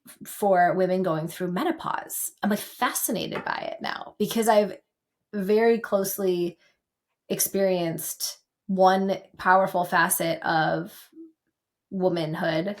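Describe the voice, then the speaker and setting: A woman co-hosting a podcast in casual chat, talking in quick, animated bursts as she reflects. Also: lowish voice. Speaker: podcast co-host.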